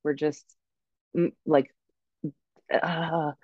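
A woman's voice: low-pitched, little pitch movement, very slow, husky, no room sound. Encouraging woman co-host on dull audio. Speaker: podcast co-host. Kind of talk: casual podcast chat. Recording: dull, dry lo-fi recording.

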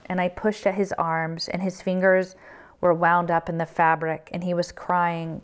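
A woman reading a novel aloud in a low voice. Her narration is steady and subdued, with a flat, even pitch that barely rises or falls. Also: a little slow, clean tone. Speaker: reader.

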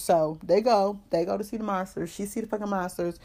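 A woman hosting a comedy podcast, recapping a story in profane, slangy, animated storytelling. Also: medium pitch, fairly quick. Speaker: podcast host.

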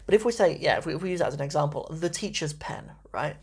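A relaxed language teacher talks through grammar in a loose, conversational way, checking in with "right?" again and again. The voice has a gravelly edge and a husky grain. The pitch sits in the middle. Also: quick pace. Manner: chatty, many fillers and "right?" tags. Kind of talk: casual spoken grammar lesson.

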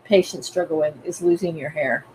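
A woman's voice: low voice, steady tone, a little fast, a little mellow, a little hiss or hum, rough recording. A woman from North Carolina, hosting a podcast interview in a conversational questioning style. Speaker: podcast host.

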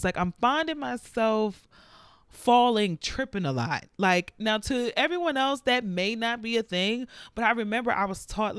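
A woman's voice: lowish voice, smooth, no room sound, clean studio sound. A woman hosting a faith podcast, talking candidly and reflectively about her own struggles in a confessional monologue. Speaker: podcast host.

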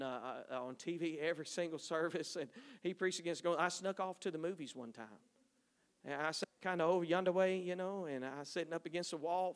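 Folksy man missionary, high voice. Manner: folksy, storytelling, addresses audience as y'all. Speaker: missionary speaking at a church. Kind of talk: folksy church talk with stories.

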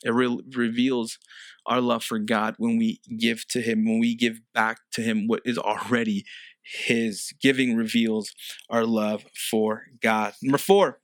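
A man's voice: mid-range voice, flat delivery, unhurried, no echo. A man preaching a sermon as a pastor, earnest and conversational, often restarting phrases.

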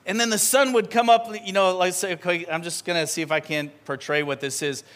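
Animated, conversational male preacher. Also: high-pitched, fairly quick. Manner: animated, conversational, acts out scenes. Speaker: pastor. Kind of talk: sermon. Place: church sanctuary.

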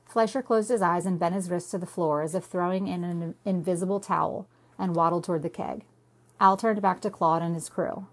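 A woman reads her own novel aloud as narrator, in a steady and plain storytelling manner. Her voice sits somewhat low for a woman. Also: fairly quick. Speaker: reader, narrator.

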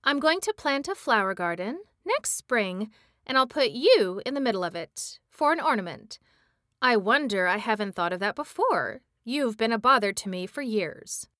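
A woman's voice: a little high, sing-song, normal speed, bright, forceful tone, no room sound, clean studio sound. A woman voicing a stern, wrinkled old witch in a read-aloud storybook, speaking severely.

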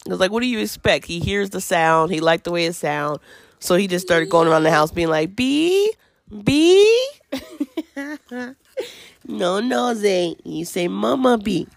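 Chatty gravelly-voiced mom host. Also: female voice, lowish voice, steady tone, a little fast, dry recording. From Washington. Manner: chatty, laughing, many fillers. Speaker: podcast host. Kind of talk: casual parenting chat. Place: at home with a toddler.

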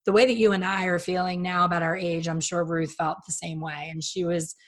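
Middle-aged woman, former stylist, animated podcast storyteller with a low-pitched voice. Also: a little fast. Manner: chatty, animated storyteller who acts out quotes. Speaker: guest, former hairstylist. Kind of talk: casual podcast chat.

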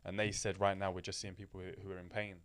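A young man co-hosting a casual podcast, talking in a laid-back way that drifts quieter. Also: deep voice, little pitch movement, quick pace, dry recording. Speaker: podcast co-host.

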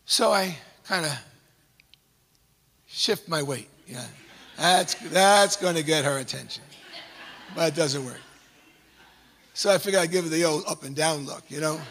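A male pastor who preaches through a funny personal story, animated and self-mocking. His voice is high and gravelly with a husky edge. It rings out in a long, reverberant hall. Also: a little slow, long pauses, slight background noise. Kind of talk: storytelling sermon.

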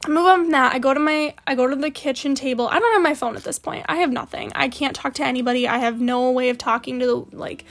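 High-voiced young woman telling a story. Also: fast, few pauses. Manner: rambling and candid, full of "like" and restarts. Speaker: vlogger. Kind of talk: personal storytime.

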